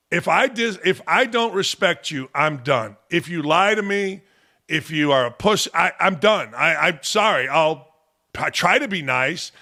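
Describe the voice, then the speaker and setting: A man's voice: sits high, pushed and bright. A man hosting a sports talk show, giving blunt, combative opinions. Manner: blunt and combative, talks back to the audience.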